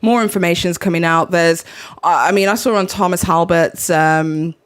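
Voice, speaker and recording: A woman hosting a live online commentary stream in a casual, chatty way. Her voice sits a little low, and she pads her thoughts with drawn-out ums. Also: steady tone, clear, resonant tone. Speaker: livestream host.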